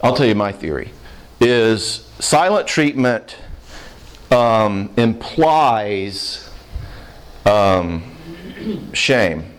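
A man counseling a live audience in a Q&A, plainspoken and animated, acting out short quoted voices. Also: fairly low pitch, extremely slow, long pauses, clean tone. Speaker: counselor answering audience questions.

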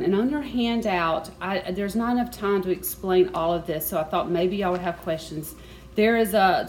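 A woman's voice: mid-range voice, low-quality recording. Lady teaching bible study, chatty and personal, bit of room noise behind. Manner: warm conversational teaching with personal asides.

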